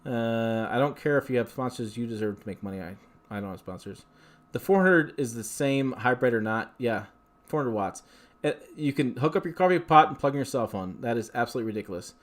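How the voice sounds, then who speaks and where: Reading viewer questions aloud on his casual livestream, a man answers them at length, rambling and chatting with frequent fillers and restarts. His medium-pitched voice is expressive and fairly quick.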